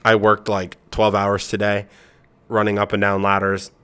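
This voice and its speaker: In his twenties, this podcast co-host speaks at a moderate pace in a low, monotone voice that's a bit bright, clear and resonant. He rambles crudely through casual banter, swearing and laughing a lot, and sounds tired and sniffly.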